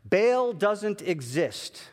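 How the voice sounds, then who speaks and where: Man playing a gently teasing fatherly God, lively pitch, long church reverb. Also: moderate pace. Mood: gentle, teasing. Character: patient amused fatherly male God.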